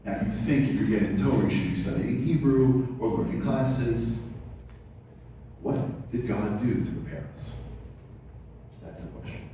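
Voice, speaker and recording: A man giving a storytelling lecture, animated, moving between hushed narration and loud, high quoted voices. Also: a little slow, a little hiss or hum. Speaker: guest speaker. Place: community center hall. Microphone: far from the mic. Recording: distant, very echoey hall recording.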